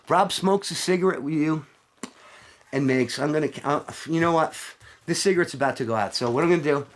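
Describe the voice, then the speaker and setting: Profane, animated middle-aged man ranting. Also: on the high side. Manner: profane, animated, rants with mocking put-on voices. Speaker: vlogger. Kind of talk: rambling casual rant to camera.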